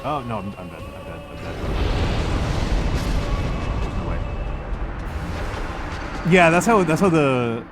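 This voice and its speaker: An American man chatting casually with viewers on a stream, rambling and self-deprecating, with many restarts. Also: medium pitch. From United States. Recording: music playing behind the voice. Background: music.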